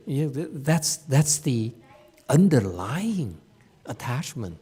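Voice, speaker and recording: A man teaching meditation students in an informal Dharma lecture. He takes his time, speaking slowly with a mid-range voice, and keeps it chatty with frequent laughter and repeated words. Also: mid-range voice, big pitch swings, darkish tone. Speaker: Buddhist teacher giving a Dharma talk. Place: meditation hall.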